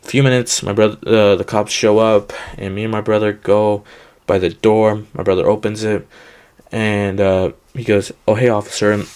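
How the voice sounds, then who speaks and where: A man's voice: on the low side, flat delivery, normal speed, darkish tone, smooth. A young man casually telling a rambling personal story, full of fillers and "he goes" quotes.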